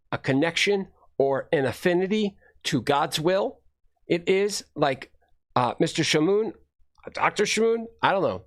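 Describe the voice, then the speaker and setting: A man streaming casual commentary on videos he watches, blunt, rambling and profane. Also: on the high side.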